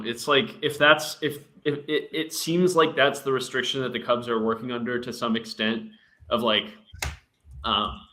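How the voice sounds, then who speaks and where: A man's voice: mid-range voice, bright, forceful tone. A man on a sports podcast who talks casually and thinks aloud, with lots of fillers and restarts. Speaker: podcast panelist.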